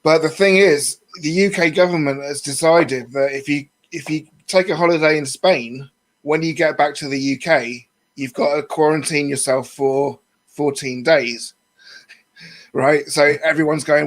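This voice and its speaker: Brief: guy, chatty and rambling, slightly high voice, talking through a phone on a video call. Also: steady tone, unhurried. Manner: chatty, rambling, many fillers. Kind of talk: casual video call chat.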